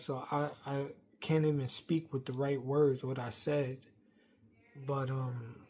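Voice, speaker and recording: A man, venting a rambling workplace story to camera, swinging from loud outbursts to muttering. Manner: heated, rambling, acts out quotes loudly then drops low.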